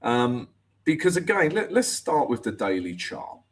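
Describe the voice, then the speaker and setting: A man's voice: medium pitch, sing-song, unhurried. A man hosting a live trading show, chatting casually through chart analysis and talking to viewers.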